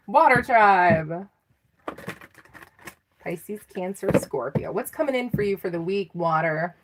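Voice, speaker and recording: Casual tarot reader, middle-aged woman, slow and chatty with frequent laughs. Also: mid-range voice, expressive, background noise. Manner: chatty and self-teasing, laughing often. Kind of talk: live tarot reading.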